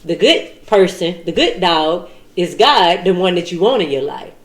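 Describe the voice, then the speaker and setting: A woman's voice: on the low side, expressive, normal speed. Woman friend, casual chat, earnest advice, roomy echoey sound. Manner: laughs along, then gives earnest advice. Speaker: friend chiming in.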